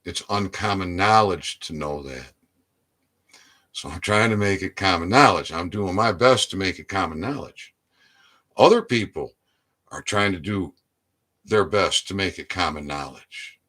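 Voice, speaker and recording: A man delivering a preachy political rant, exhorting his listeners and often rising into loud, emphatic outbursts. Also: sits low, lively intonation, unhurried. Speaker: online commentator.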